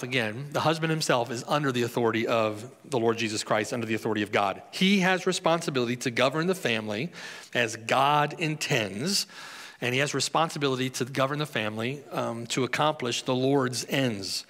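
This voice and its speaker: A man's voice: medium pitch, a bit bright. A pastor giving a conversational sermon, reading scripture and putting questions to his congregation. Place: church hall. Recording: long hall reverb.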